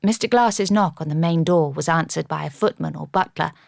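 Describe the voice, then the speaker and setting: A woman narrating a first-person audiobook in a measured, even storytelling manner. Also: deep voice, creaky, no echo. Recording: dry studio audiobook.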